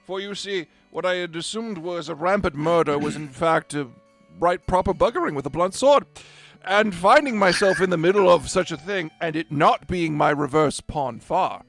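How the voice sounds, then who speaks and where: A man's voice: high voice, vocal fry, a bit bright, heavily acted. A man playing a lewd, mock-proper colonial governor in an improvised tall tale.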